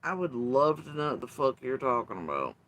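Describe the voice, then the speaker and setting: A man's voice: mid-range voice, very animated, fairly quick, fairly bright tone. Bitter, profane man ranting. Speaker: channel host. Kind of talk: angry ranting commentary.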